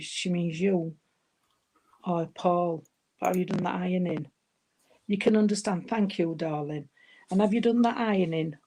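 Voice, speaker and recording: Warm-voiced woman medium. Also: fairly low pitch. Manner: hesitant, affectionate, calls listeners darling. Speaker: spiritual medium. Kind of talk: live mediumship reading.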